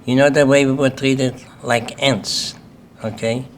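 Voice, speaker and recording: This Holocaust survivor, an older man from Lithuania, has a medium-pitched, level voice and an unhurried delivery, with a little hiss or hum in the recording. Speaking with a Lithuanian accent, he shares plain testimony with a symposium hall audience and keeps asking "okay?".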